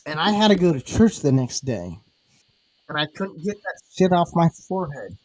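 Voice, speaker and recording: Brief: high-pitched male podcast host, dry close sound, teasing and crude. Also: sing-song, moderate pace, no echo. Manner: crude, teasing banter with loud laughs. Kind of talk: casual chat.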